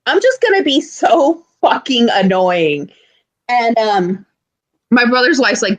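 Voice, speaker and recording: A young woman co-hosting a podcast, telling stories in an animated way with loud outbursts and lots of swearing. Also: a little high, moderate pace. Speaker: podcast co-host. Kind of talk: casual chat.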